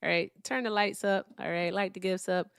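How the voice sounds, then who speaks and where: A woman's voice: medium pitch, fairly even intonation, fairly quick, vocal fry, clear, resonant tone, dry recording, clean studio sound. Blunt, profane woman hosting a call-in stream. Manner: blunt, profane, dismissive of callers. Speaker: live-stream debate host. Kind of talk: live call-in stream talk.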